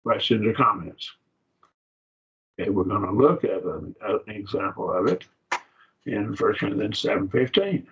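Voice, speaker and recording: Low gravelly man teaching a Bible class. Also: lively intonation, fairly bright tone. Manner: explains slowly with restarts and rhetorical questions. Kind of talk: classroom lecture. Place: church classroom. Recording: distant, muffled classroom recording.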